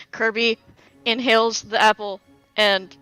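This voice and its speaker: A woman playing a tabletop game, describing her character in a relaxed, chatty way with lots of hedges. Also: a little high, takes it slowly, clear, resonant tone, soft background music, rough recording. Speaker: player.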